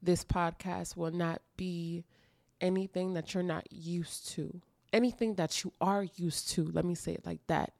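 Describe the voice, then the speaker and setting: A woman's voice: on the low side, steady tone, a little slow, creaky, a little mellow, dry recording, studio quality. A woman hosting her own podcast, speaking emotionally and earnestly and repeating phrases for emphasis in an intimate confessional monologue. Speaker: podcast host. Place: dark room at home.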